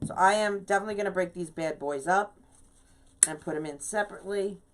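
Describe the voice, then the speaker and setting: A woman's voice: fairly low pitch, fast. Chatty woman hosting a craft livestream. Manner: chatty, greets viewers by name. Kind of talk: casual live craft demo.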